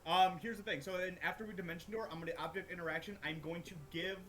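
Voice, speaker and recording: A man with a slightly high voice is playing a tabletop game, thinking out loud as he goes. He rambles and swears casually. A faint hiss sits under the recording. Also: fairly even intonation, fast. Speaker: player.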